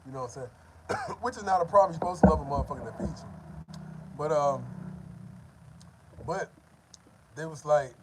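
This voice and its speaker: Animated man telling a story, swearing. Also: fairly high pitch, normal speed, long pauses, background noise. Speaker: host. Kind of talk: casual chat.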